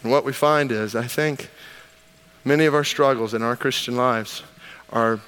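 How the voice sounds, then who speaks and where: A man's voice: medium pitch, normal speed, fairly bright tone, smooth. A man preaching a sermon, driving his points home with emphatic rhetorical questions and repeated commands. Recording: long hall reverb.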